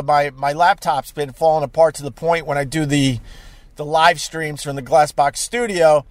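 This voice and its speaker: Guy in a parked car rambling to his viewers, highish voice, lots of uh's and sudden loud bits. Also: no room sound. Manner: animated, with sudden loud outbursts and many fillers. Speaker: live streamer. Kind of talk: casual rambling storytelling.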